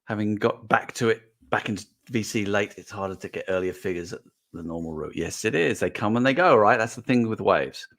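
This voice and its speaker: A middle-aged man hosts a casual livestream, chatting and reading out comments as an animated, rambling storyteller. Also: on the low side, fairly quick. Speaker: host.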